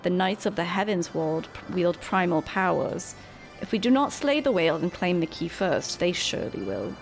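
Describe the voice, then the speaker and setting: A woman's voice: mid-range voice, natural voice. A woman voicing an earnest young male scholar with formal, old-fashioned wording.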